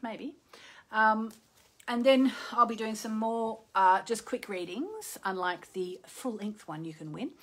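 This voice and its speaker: A woman's voice: on the low side, a bit bright. A middle-aged Australian woman, an astrologer chatting casually and rambling with many fillers on a live stream. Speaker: astrologer hosting a live show.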